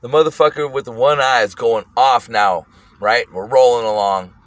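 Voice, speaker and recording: A man casually telling a wild story, animated and profane, often breaking into laughter. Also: medium pitch, normal speed, no echo.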